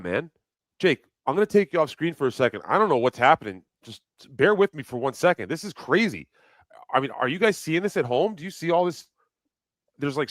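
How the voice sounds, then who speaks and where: A man hosting a live show, talking casually, excitable and teasing, putting on mock alarm. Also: fairly high pitch, no room sound, clean studio sound. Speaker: livestream host.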